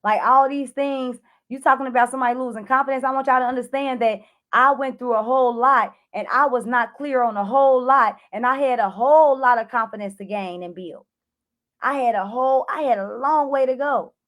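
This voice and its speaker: Woman vlogger, fairly high voice, emotional storytelling, talks straight to viewers, animated delivery. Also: moderate pace. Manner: animated, addresses viewers as y'all, acts out her own panicked shouts. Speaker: clarity coach. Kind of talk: emotional personal storytelling to camera.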